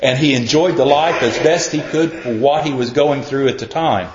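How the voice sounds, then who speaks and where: Man, folksy conversational Bible teacher, mid-pitched voice, roomy and slightly dull recording. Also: moderate pace, noisy background. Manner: folksy, repeats himself, acts out quotes. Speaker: preacher.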